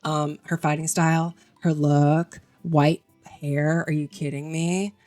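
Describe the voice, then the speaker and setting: A woman's voice: low-pitched, flat delivery, takes it slowly, darkish tone, faint music behind. A woman ranking game characters in casual, gushing commentary, chatty and full of fillers.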